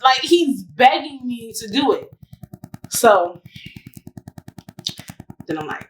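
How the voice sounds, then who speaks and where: A woman's voice: fairly high pitch, big pitch swings, measured pace, pauses often, a bit bright, slight background noise, low-quality recording. A young woman hosting her own podcast, telling a personal story casually and candidly, swearing freely and acting out what others said to her. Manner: candid, profane, retells dialogue with quoted voices. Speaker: podcast host. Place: apartment in a city, sirens outside.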